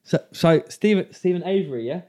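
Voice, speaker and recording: A man's voice: high-pitched, expressive, brisk, warm tone. A man co-hosting a podcast, blunt and jokey, swearing freely and putting questions to his co-host. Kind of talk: casual banter.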